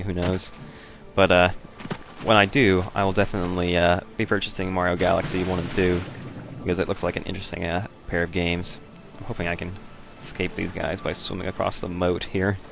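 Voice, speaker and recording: A young man giving laid-back, rambling commentary as he plays a video game, now and then breaking into loud joking voices. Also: sits low, little pitch movement, quick pace, vocal fry, noisy background. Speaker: let's play host. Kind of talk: casual gameplay commentary.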